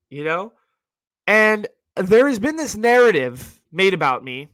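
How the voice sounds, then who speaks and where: Young man telling college stories, bright voice. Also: high voice, measured pace, no room sound. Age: young adult. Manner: animated storytelling, heavy use of "like". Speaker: podcast host. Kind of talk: casual monologue.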